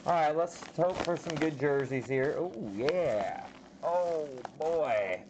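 A man hosting a casual card break, calling out players with slow, drawn-out reactions as he opens packs. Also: a little high. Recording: slightly dull audio with faint background noise.

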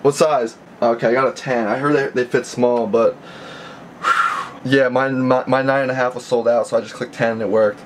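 A man's voice: mid-range voice, fairly even intonation, moderate pace, noisy background. A young man vlogging casually from a messy bedroom, rambling and stammering with lots of restarts. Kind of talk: casual vlog to camera. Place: messy bedroom being packed up.

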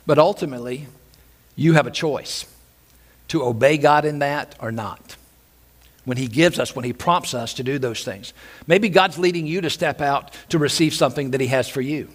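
A male pastor preaching a sermon in a church, animated and repeating his phrases, now and then acting out loud shouted quotes. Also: mid-range voice, moderate pace. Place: church sanctuary.

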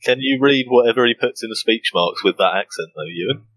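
A man's voice: mid-range voice, fairly quick, a bit bright, low-quality recording. A man playing in a tabletop game, making dry, wry asides in casual chat. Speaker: player.

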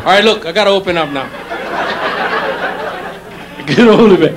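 A middle-aged man with a Hawaiian Pidgin accent does teasing stand-up, talking directly to audience members in a high, slightly bright voice. He keeps a measured pace and pauses often. It's a live hotel showroom show, with laughter and crowd noise audible.

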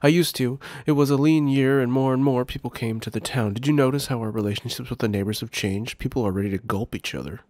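A man's voice: medium pitch, fast, hardly any pauses, darkish tone, no echo, close to an everyday voice. A man reading the lines of a protective, blunt hunter husband in a game, in an earnest tone. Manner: earnest read-aloud delivery.

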